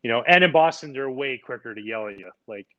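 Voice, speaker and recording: Relaxed rambling man, dull audio. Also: mid-range voice, fast talker. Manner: relaxed, rambling anecdotes with many fillers. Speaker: podcast guest, former pitcher. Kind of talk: casual storytelling chat.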